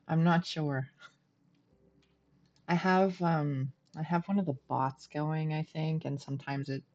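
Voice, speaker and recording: Middle-aged woman streamer, low chatty voice, dull lo-fi home mic. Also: fairly even intonation, slow pace, long pauses, darkish tone. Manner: chatty, laughs often, self-deprecating. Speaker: game streamer. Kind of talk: casual gameplay commentary.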